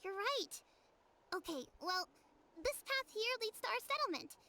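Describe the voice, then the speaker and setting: A woman's voice: very high voice, very animated, measured pace, full character voice. A woman voicing an eager, chatty young village girl in a video game. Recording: loud game soundtrack behind.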